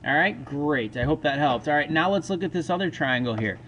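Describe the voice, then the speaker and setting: A man walks through a math lesson step by step in a casual, chatty way, with a fairly high voice. Faint background noise sits under the recording. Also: animated, a little fast, fairly bright tone. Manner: talks through steps aloud, casual asides. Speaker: math teacher.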